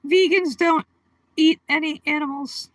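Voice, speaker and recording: A woman's voice: high-pitched, fairly even intonation, unhurried, no echo, rough recording. A woman hosting a casual livestream, chatting with viewers by name and giggling often. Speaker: livestream host. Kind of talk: casual live-stream chat.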